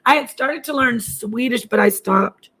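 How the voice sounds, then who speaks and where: A woman's voice: a little high, measured pace, fairly bright tone, slightly rough. A middle-aged woman hosting a casual live stream, chatting to viewers and switching between languages as she goes. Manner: chatty, hops between languages while answering chat. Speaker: livestream host.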